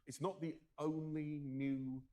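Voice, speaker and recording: A man's voice: on the high side, little pitch movement, takes it slowly, a little mellow. A man presenting a live product reveal, enthusiastic but hesitant and full of fillers.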